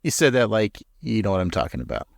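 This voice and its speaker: A man hosting a podcast, recapping an episode and teasing his co-host in a lively way. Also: fairly low pitch, quick pace, gravelly, no room sound. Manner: teasing, animated.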